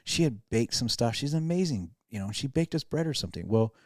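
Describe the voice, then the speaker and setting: A man's voice: mid-range voice, lively intonation, a little fast, no room sound, clean studio sound. A man, a pastor and podcast host, telling a self-deprecating story in casual chat with lots of restarts.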